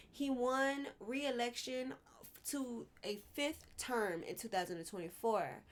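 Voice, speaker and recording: A woman with a slightly high voice rants through casual political commentary on her vlog. She is candid and heated, swears freely, and keeps wandering off into personal asides before reeling herself back in. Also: fairly bright tone.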